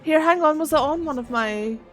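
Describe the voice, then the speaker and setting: A woman from Northern Ireland streams a game live, chatting casually with plenty of swearing and laughter. She talks fairly quickly in a high-pitched voice, and faint music can be heard behind her.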